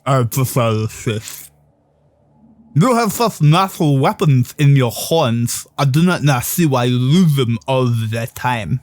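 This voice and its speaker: A man voicing a grave, pompous male martial-arts priest who speaks slowly and formally. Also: medium pitch, lively intonation, dry recording. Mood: solemn. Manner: slow, grave, formal speech.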